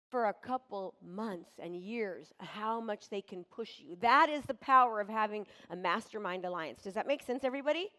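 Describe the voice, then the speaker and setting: High, energetic woman in an echoey hall. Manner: animated, energetic storytelling. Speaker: real estate coach. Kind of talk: motivational seminar talk. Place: large room with a live audience. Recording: long hall reverb from a live venue.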